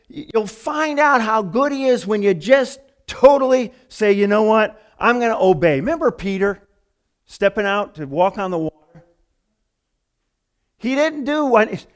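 A man's voice: high-pitched, fairly bright tone. A male pastor giving a conversational sermon, telling stories and acting out the voices of people in them. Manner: storytelling, acting out quoted voices.

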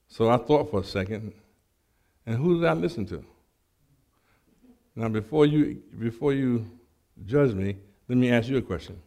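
A man preaching a sermon and telling a personal testimony, animated and acting out the dialogue, with frequent stammered restarts. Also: mid-range voice, normal speed, long pauses.

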